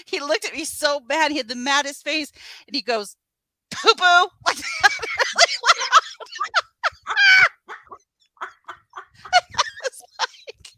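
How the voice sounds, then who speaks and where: A woman co-hosting a casual chat show, laughing often and breaking into loud exclamations. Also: sits high, huge pitch swings, takes it slowly, pauses often, no room sound. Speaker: podcast co-host.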